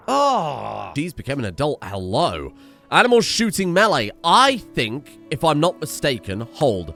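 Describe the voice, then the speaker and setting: A British man giving excitable, sweary commentary while playing a video game, swinging between loud outbursts and low muttering. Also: normal speed, gravelly, soft background music. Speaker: let's play host. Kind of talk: gameplay commentary.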